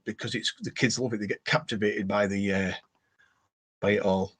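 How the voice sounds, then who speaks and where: British male live-stream host, relaxed chat, reads viewer comments on air. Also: fairly low pitch, moderate pace, husky. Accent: British English. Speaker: livestream host.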